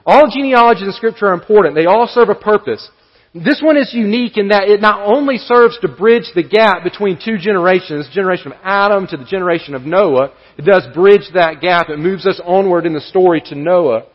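High-voiced pastor preaching in a hall. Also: male voice, a little fast. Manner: earnest preaching with repetition and rising emphasis. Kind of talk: sermon. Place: church sanctuary. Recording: dull sound with long hall reverb.

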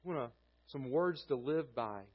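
A man preaching a sermon as a pastor, swinging between fervent, loud scripture reading and quiet, solemn warnings. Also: medium pitch, measured pace, breathy edge, muffled recording.

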